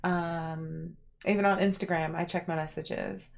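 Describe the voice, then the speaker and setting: A woman hosting a livestream, casually chatting and answering viewers, rambling with lots of fillers and animated reactions. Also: deep voice, unhurried, gravelly. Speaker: livestream host.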